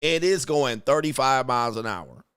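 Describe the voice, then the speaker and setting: A male livestream host in a loose, profane ranting style, laughing at his own jokes and mocking as he goes. His voice sits mid-pitch and sounds close and dry, with no room around it. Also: lively intonation, moderate pace, a bit bright, clear, resonant tone, no echo. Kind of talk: casual livestream commentary reading superchats.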